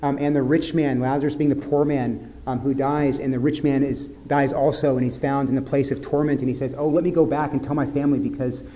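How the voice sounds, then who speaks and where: Male pastor preaching to a congregation, earnest, mid-pitched, softening for grave points. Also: level tone, a little fast, few pauses. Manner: earnest preaching, drops to soft grave tones. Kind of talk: sermon.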